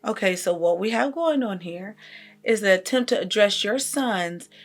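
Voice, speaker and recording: An actress playing a calm, measured family therapist. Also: female voice, medium pitch.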